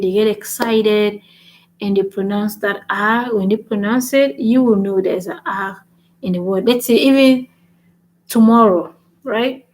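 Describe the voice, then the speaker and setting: A woman's voice: medium pitch, darkish tone, rough recording. A woman hosting a casual language lesson vlog, switching between French and English and repeating points with "right?". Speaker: language-learning channel host.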